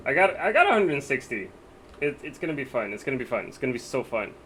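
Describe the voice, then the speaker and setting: A man's voice: mid-range voice, animated, quick pace, a bit bright, slight background noise. A man live-streaming a game, chatting casually with his viewers and thinking aloud about what to buy.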